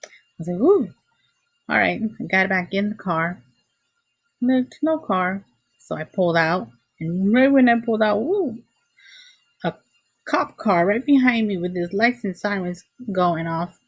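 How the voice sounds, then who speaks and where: A woman casually telling a personal story, animated and exclamatory, acting out her own reactions, recorded on a computer mic. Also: medium pitch, a little slow, no room sound. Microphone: computer mic, screen recording.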